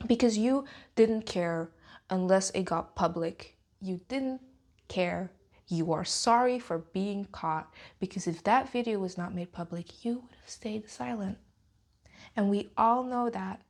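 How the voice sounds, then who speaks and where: A woman vlogger giving heated, sweary commentary, with sharp jumps in pitch and nervous laughs between points. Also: a little slow. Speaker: YouTube commentator. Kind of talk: heated ranting vlog commentary.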